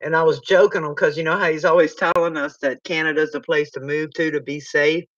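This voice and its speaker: A woman from Virginia, USA, hosts a call-in talk show, chatting folksily and laughing often. Her voice is low-pitched and fairly even, her pace fairly quick, with no room sound, though the recording has a dull, distant lo-fi quality.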